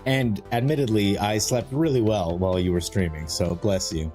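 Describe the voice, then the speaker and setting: A man's voice: lowish voice, moderate pace, dark tone. A man hosting a casual live stream, rambling and joking as he greets viewers by name. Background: faint music.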